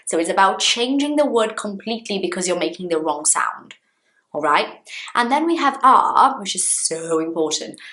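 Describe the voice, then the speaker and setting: A Brazilian woman with a Brazilian Portuguese accent, teaching English pronunciation from home in a slow, emphatic way and demonstrating sounds. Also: medium pitch, expressive, bright, forceful tone. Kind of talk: pronunciation lesson to camera. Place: her home.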